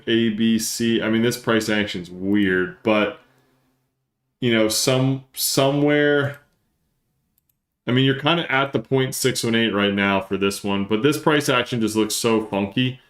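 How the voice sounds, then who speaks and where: A man hosts a live stream and reads through charts as he talks. He speaks fast and gets excited, working things out aloud. His mid-range voice carries some room echo. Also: mid-range voice. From northern New Jersey. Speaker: livestream host and market analyst.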